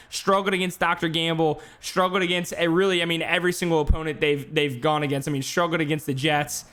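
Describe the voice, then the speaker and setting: A man calling play-by-play for a simulated football game on a live stream, talking fast between plays with casual asides. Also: a little high, level tone, fairly bright tone, clear, resonant tone. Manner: rapid play-by-play, filler-heavy asides. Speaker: play-by-play commentator. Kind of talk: esports sim football commentary.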